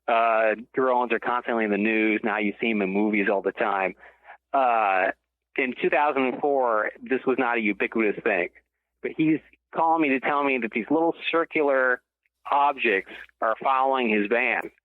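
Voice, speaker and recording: A man's voice: medium pitch, moderate pace, no echo. A man talks over a tinny phone line, his voice thin and dry with no room sound around it. He is a guest author telling a long story in a rambling way. He keeps stopping to correct himself before going on. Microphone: telephone.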